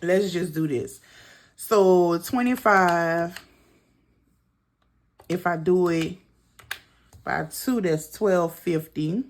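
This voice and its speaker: A woman's voice: lowish voice, drawn-out words, pauses often. A middle-aged woman running through her monthly bills in a casual budgeting vlog, chatting to viewers as she adds up figures. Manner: chatty, talks to viewers as girl and y'all while adding up figures. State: out of breath. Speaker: budgeting vlogger.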